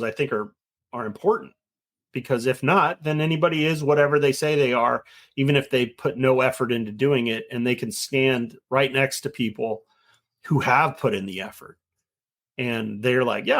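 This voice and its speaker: A man's voice: mid-range voice, moderate pace, fairly bright tone. A middle-aged man as an interview guest, talking in an earnest, rambling way and now and then acting out quoted voices. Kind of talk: casual conversation.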